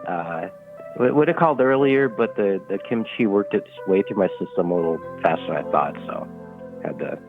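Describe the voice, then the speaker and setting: A man calling in to a comedic stream, talking in a relaxed, halting ramble. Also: on the low side. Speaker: caller. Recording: phone-like lo-fi with music.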